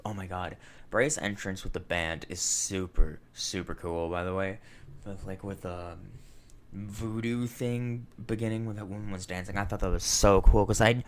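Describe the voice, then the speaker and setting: A man's voice: on the low side, fairly bright tone. A man in his twenties chatting casually through a wrestling review, rambling with lots of fillers, swearing now and then and getting emotional. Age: 20s. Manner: emotional, sentimental.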